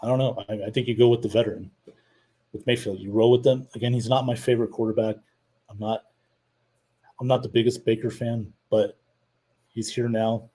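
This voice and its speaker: A man's voice: mid-range voice, flat delivery, a little fast, pauses often, dark tone, breathy edge, rough recording. A man hosting a live show, chatting casually about his team and reading out viewer comments. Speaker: podcast host. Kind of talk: casual live-stream chat.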